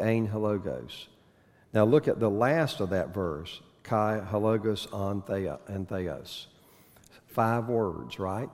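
A man with a lowish voice teaching a Bible class in a loose, conversational way. He quizzes his listeners and tosses in groan-worthy puns. His voice rings with the long reverb of a hall. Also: darkish tone. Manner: conversational, asks the audience questions, cracks corny puns.

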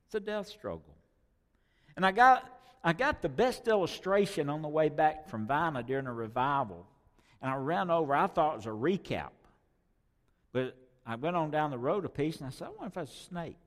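Emphatic preacher in a reverberant church. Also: male voice, fairly high pitch, expressive, moderate pace. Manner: emphatic, repeats key words, swings from loud to hushed. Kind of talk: sermon.

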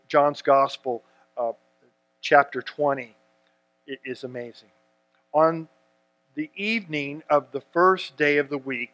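A man delivering a sermon, his voice sitting a little high for a man. He reads scripture aloud with earnest emphasis and often restarts his phrases as he explains. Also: a bit bright. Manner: earnest preaching with frequent restarts and emphatic readings. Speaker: pastor.

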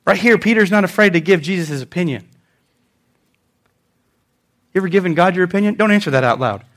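A man preaching a sermon with a high-pitched voice for a man. He is animated and quick to joke, and he slips into acting out the lines he quotes. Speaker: pastor.

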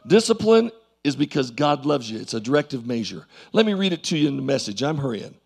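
A male pastor preaching a sermon in a church, swinging from loud calls to low asides and calling for amens. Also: big pitch swings, fast, vocal fry, slightly rough.

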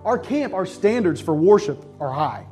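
A middle-aged male pastor telling a personal story in a sermon, acting out voices and sometimes shouting with excitement. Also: high-pitched, moderate pace, soft background music. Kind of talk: sermon testimony.

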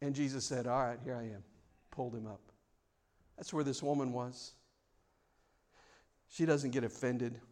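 A man preaching a sermon, swinging between loud, mock-formal prayers and quiet, reflective stretches. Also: medium pitch, fairly even intonation, unhurried, pauses often. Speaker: pastor.

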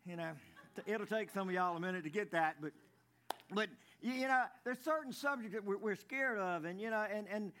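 A man's voice: high-pitched, lively intonation, fairly quick, fairly bright tone, a little hiss or hum. A man preaching a folksy sermon, stumbling over and repeating words as he tells jokes. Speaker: pastor.

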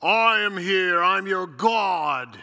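A man voicing God, speaking slowly and solemnly with calm command. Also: high-pitched, creaky, smooth, exaggerated voice. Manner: slow, measured, solemn.

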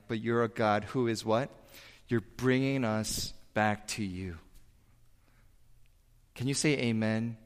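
A man preaching a sermon as pastor, telling a Bible story with animated voices for its figures. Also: mid-range voice, long reverb tail.

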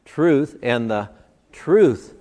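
A man's voice: medium pitch, lively intonation, extremely slow, darkish tone. A man preaching a sermon at a church service, emphatic and building points through stacked, repeated phrases. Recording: long hall reverb.

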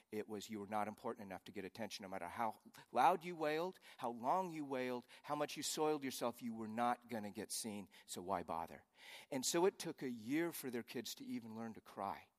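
A man preaching a conversational sermon, swinging between soft asides and loud emphatic lines. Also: lowish voice, in a large hall. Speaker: pastor.

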